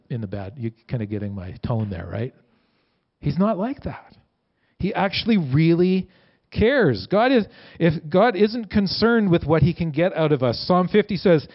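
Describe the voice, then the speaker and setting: Male pastor, casual sermon delivery, slightly higher voice, muffled lo-fi recording. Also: moderate pace. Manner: conversational, animated quoting with rising voice. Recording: dull lo-fi sound.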